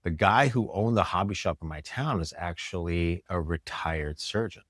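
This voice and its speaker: A man's voice: sits low, moderate pace, no room sound, clean studio sound. A middle-aged man from New York, a chiropractor guesting on a podcast, telling stories in a casual interview and acting out the voices of people he quotes. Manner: animated storyteller, acts out quoted voices.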